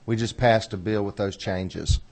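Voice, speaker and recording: A man chairing a legislative committee hearing, folksy and apologetic, reading bill text slowly and carefully. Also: fairly low pitch, steady tone, darkish tone.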